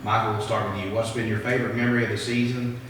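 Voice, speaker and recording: A man hosts a casual sports interview and leans on fillers as he talks. His voice sits a bit low. He is heard from a distance in a hall with a long echo. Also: flat delivery. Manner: halting, many fillers. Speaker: sports show host. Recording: echoey hall, distant mic, noisy.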